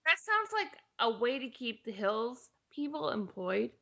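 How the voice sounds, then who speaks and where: Gravelly, bright woman with quick quips. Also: a little high, very animated, lo-fi sound. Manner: quippy and sarcastic. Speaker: podcast co-host. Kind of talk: casual film-review banter.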